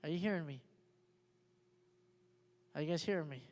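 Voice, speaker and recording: A man's voice: a little high, normal speed. A man preaching a sermon as pastor, emphatic and often asking the congregation if they hear him. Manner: emphatic, repeats questions to the congregation. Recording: long hall reverb with soft guitar behind.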